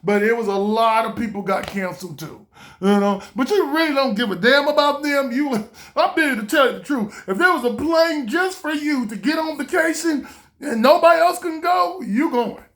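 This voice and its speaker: A man from the Los Angeles area, casually telling a story in a rambling way, often saying "you know". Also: very high voice. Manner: animated, jumps into loud excited quoted voices. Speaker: vlogger.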